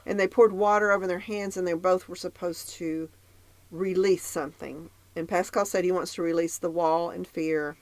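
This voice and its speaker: A woman's voice: on the low side, steady tone, moderate pace, darkish tone, dry recording. A woman co-hosting a podcast, recapping a dating show in casual chat, reading out her notes and laughing often. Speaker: podcast co-host.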